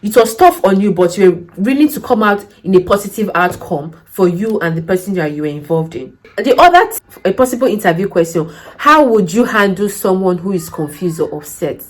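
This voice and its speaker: A woman's voice: mid-range voice, expressive, fairly quick, hardly any pauses, poor audio. A woman, giving care job interview advice in a casual vlog. She tells stories, acts out the dialogue and asks emphatic questions.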